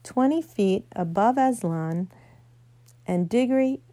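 Woman reading a storybook aloud, mellow. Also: mid-range voice, expressive, takes it slowly, no echo. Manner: gentle storytelling with small slips. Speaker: narrator. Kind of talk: reading a children's novel aloud.

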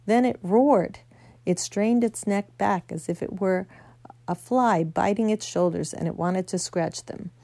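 Woman reading a storybook aloud, mellow. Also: medium pitch, unhurried, vocal fry, no room sound. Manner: gentle storytelling with small slips. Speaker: narrator. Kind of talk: reading a children's novel aloud.

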